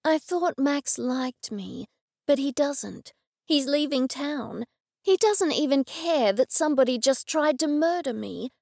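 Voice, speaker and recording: A woman narrator lifts her voice for an emotional, flustered young witch heroine in an audiobook. The voice sits fairly high with a gravelly texture. The sound is close and dry. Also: lively intonation, a little slow, a little mellow, dry recording, heavily acted. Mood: tearful.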